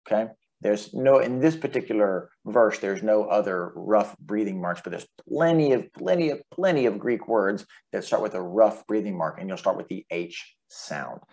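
A man teaching a relaxed, folksy lesson on Greek letters and marks, with chuckles and restarts. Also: lowish voice, vocal fry. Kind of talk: casual instructional lesson.

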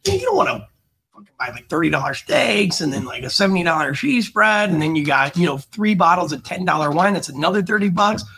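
Husky, lively man talking wine. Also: fast talker. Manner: animated, swearing, acts out guests in a high voice. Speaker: wine guest. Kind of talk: casual podcast chat.

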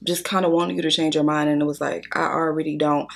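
In a low, flat voice with vocal fry, a young adult beauty vlogger speaks fast as she does her makeup. She tells her viewers a blunt, profanity-laced story in a chatty style, addressing them as "y'all."

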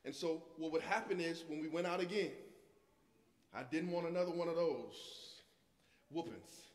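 A man, preaching a sermon through personal stories, swinging between loud passages and hushed ones. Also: on the high side, moderate pace. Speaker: guest preacher. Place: church sanctuary. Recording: echoey church hall with long reverb.

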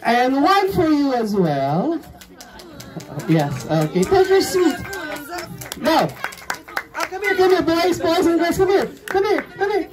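A woman's voice: extremely high pitch, very animated, slow pace, pauses often, crowd noise. A woman hosting a children's game at a film premiere, coaxing kids up and counting aloud. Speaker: event host. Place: film premiere event venue.

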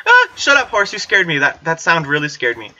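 A woman's voice: on the low side, wildly swooping pitch, a little fast, pushed and bright. A woman doing let's play commentary, chatty with herself and screaming and swearing whenever she gets startled. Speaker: gamer. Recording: slightly dull lo-fi recording.

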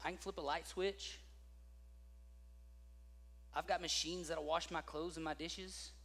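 A man delivers a sermon with a high, bright voice. He tells stories in an animated way, acting out the voices of the people in them. His voice rings with a long reverb, as in a large hall. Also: a little slow, gravelly. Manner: animated storytelling with acted-out voices. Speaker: pastor.

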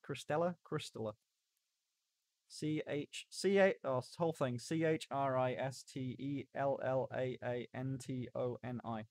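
A man's voice: mid-range voice, a little mellow, no echo. A young man chatting casually on a live stream, rambling and stopping and starting as he reacts to chat. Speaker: livestreamer.

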